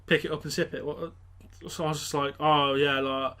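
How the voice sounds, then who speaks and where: A young man, telling an animated story on a casual podcast and acting out the voices. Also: a little high, moderate pace, clean tone. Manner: animated, acts out quotes, swears, laughs. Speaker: podcast co-host.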